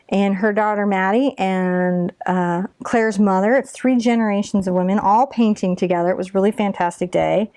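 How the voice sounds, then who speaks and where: A woman's voice: mid-range voice, darkish tone, smooth, no room sound. A woman in her forties teaching a live painting lesson, chatty and encouraging as she talks through each brush stroke. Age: 40s. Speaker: painting instructor.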